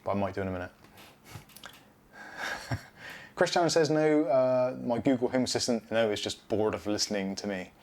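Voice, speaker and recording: A man's voice: mid-range voice, moderate pace, long pauses, a little mellow. A middle-aged British man hosting a casual live stream, rambling chattily and reading out viewer comments.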